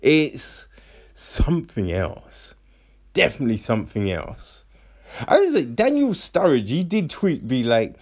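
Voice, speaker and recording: Slangy, animated man recapping fights. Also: fairly high pitch, measured pace, creaky. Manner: animated, slangy, repeats himself with "you know what I mean?". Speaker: MMA commentator. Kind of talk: casual fight recap monologue.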